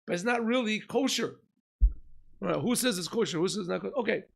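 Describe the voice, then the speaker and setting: A man, a rabbi, giving an informal Torah lesson, asking and answering his own questions and often clearing his throat. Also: sits high, lively intonation, quick pace. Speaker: rabbi teaching a class.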